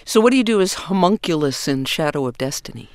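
A radio interviewer asks plain, measured questions in a smooth, clean voice at a middle pitch. The sound is dry and close, with no room around it. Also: animated, no echo.

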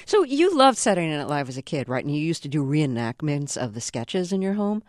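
A woman hosting a radio interview, asking measured, conversational questions. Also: low-pitched, sing-song, dry recording, studio quality.

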